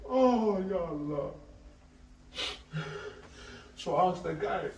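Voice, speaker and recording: A man's voice: sits high, lively intonation, slow, a little mellow, a little hiss or hum. Intense man, echoey and distant. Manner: intense, repetitive, pleading, addresses listeners as Aki. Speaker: speaker recounting a friend's death. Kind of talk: emotional street talk. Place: outdoors on a street. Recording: echoey, distant, faint ambience.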